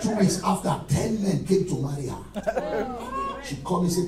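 A man preaching an animated sermon as pastor, swinging between shouted lines and low asides. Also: moderate pace, pauses often, heavy background noise. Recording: echoey church hall from far off, with music.

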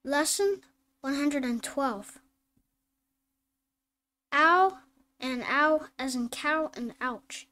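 A woman reading phonics drills and simple sentences aloud, slow and deliberate, word by word. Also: sits high, fairly bright tone. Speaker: phonics teacher.

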